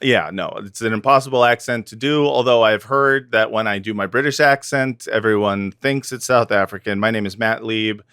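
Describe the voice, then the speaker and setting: A man's voice: on the low side, normal speed, hardly any pauses, bright, forceful tone, smooth, no echo, studio quality. A man co-hosting a podcast in casual chat, joking and laid-back, with lots of fillers and restarts. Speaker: podcast co-host.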